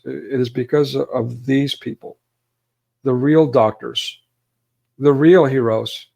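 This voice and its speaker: A man with a gravelly, fry-laden voice talks through a livestream, preaching and rambling between clips. He often corrects himself mid-sentence and turns emotional. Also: mid-range voice, a little mellow. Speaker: livestream host. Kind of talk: livestream commentary.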